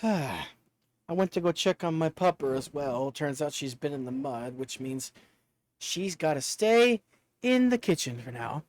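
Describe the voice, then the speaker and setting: A chatty man streaming a game, talking in a high and very lively voice that jumps around a lot. He jokes and laughs easily with his chat. The sound is close and dry, with no room echo. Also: measured pace. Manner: joking, chatty, laughs often. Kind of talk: casual gameplay chat.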